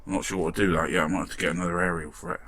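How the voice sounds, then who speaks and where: A man's voice: low-pitched, steady tone, racing, a bit bright, dry recording. A man chatting casually as he restores a toy car, muttering to himself with the odd mild swear. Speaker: model restoration vlogger. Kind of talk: casual workshop commentary.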